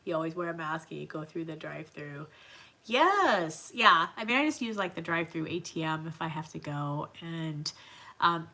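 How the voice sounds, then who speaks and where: A woman hosts a relaxed livestream, talking easily and answering comments from her viewers. Her voice is bright and forward, and she laughs often as she chats. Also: deep voice, moderate pace. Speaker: livestream host. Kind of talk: casual livestream chat.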